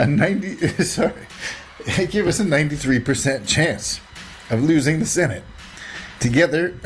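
A man hosting a workshop who reads a scripted recap, then gets emotional and enthusiastic while introducing a guest. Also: medium pitch. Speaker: moderator and host.

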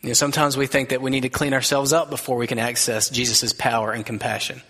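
A man preaching a sermon as pastor, earnest and conversational, dropping to a soft gentle voice for quoted words. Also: medium pitch, level tone, fast talker, husky. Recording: long reverb of a large hall.

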